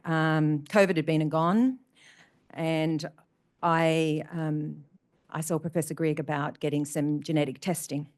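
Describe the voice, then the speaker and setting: Middle-aged woman, speaker at a community event, earnest and heartfelt, fairly low voice, repeats herself for emphasis. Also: steady tone, unhurried, darkish tone. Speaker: motivational speaker. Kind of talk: personal talk to an audience.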